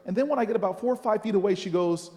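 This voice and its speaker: A man, a senator speaking at a rally, telling a personal story in an animated, dramatic, self-mocking way in a large hall. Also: sits high, very fast, a little hiss or hum. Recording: long reverb from a large hall.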